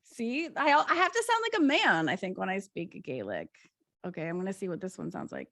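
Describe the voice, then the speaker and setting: An American woman co-hosting a podcast, chatting casually, giggling and excitable, often poking fun at herself. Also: medium pitch, a little fast, vocal fry, dry recording, studio quality. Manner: giggly, excitable, self-mocking. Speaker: podcast co-host. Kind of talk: casual chat.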